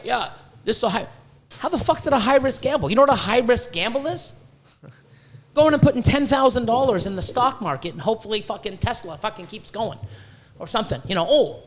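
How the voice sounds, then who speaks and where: A Canadian man hosts a podcast, delivering a blunt rant about breeding reptiles full of constant swearing. His voice is high with a fairly bright tone, and his manner is profane, heated, and blunt.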